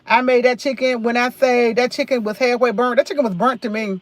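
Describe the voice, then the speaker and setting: A woman's voice: a little high, fairly even intonation, brisk, no room sound. Chatty New woman livestreaming. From New York. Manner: chatty, repeats phrases, rambling storytelling. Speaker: livestream host. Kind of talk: casual live chat.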